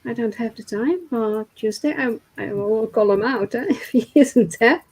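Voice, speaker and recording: Woman, casual chat, co-host, direct manner, somewhat high pitch. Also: moderate pace, darkish tone, husky, rough recording. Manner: direct, chiming in with short remarks. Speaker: co-host of a live marketing show.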